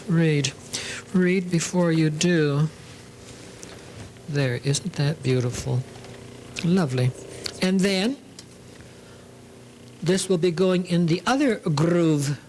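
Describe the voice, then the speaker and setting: A man's voice: a little high, darkish tone, slight background noise, poor audio. A man hosting a sewing demonstration, talking in a theatrical, camp way, full of 'lovely' and 'darlings'. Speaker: sewing show host.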